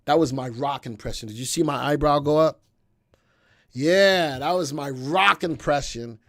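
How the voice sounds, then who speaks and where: A man hosting a live stock market stream, talking in a chatty, energetic way and answering viewer comments as he goes. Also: fairly high pitch, moderate pace, no room sound, studio quality. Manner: chatty and energetic, often checking in with "all right?". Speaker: stock market show host.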